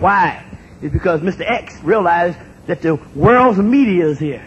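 An older man in his sixties addresses an audience in a strikingly high voice. He talks emphatically, repeats his phrases and rises to shouts. The recording is dull and lo-fi, with a faint rumble underneath. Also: lively intonation, measured pace. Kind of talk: impassioned public talk.

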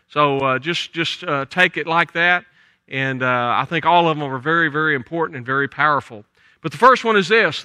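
A man's voice: fairly high pitch, no echo. An older man with a Southern US accent preaching a folksy, conversational sermon in church. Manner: folksy, conversational preaching with soft trailing endings. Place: church sanctuary.

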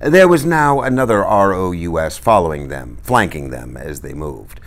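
A man reading a novel aloud with expressive, lively storytelling. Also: low voice, normal speed, vocal fry. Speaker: reader.

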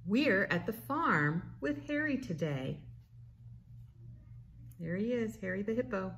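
A woman, a children's librarian, leading a slow, playful storytime for babies and toddlers and asking the little ones questions. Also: mid-range voice, expressive, fairly bright tone, slight background noise. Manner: sing-song, slow, playful, asks little listeners questions.

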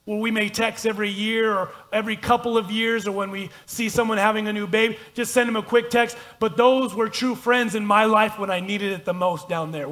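A man's voice: sits high, fairly bright tone. A man pastor preaching a conversational, self-deprecating sermon and reading scripture aloud in a church. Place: church sanctuary.

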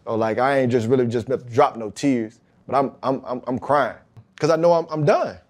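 A man's voice: mid-range voice, normal speed. A man, a podcast guest, telling a personal story in casual, slang-heavy talk and acting out the quoted dialogue. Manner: animated, acts out quoted dialogue; relaxed slang-heavy talk with frequent "you know what I mean". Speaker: podcast guest, pro football player.

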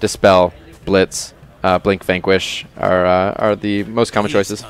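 A man talking casually on a game company livestream, explaining a new character's build in detail with relaxed fillers and restarts. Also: low-pitched, a little slow. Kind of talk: casual livestream gameplay talk. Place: studio at a game company, live stream.

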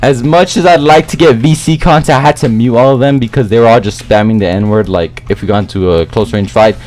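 A young man commenting on his own gameplay, talking in slangy, excitable, rambling trash talk. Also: mid-range voice, brisk, faint music behind. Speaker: gaming YouTuber.

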